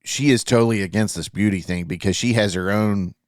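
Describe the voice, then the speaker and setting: A man's voice: lowish voice, brisk, no echo, studio quality. A man co-hosting a podcast, chatting casually and loosely about a TV show, with plenty of fillers and swearing. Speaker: podcast co-host. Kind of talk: casual chat reviewing a TV show.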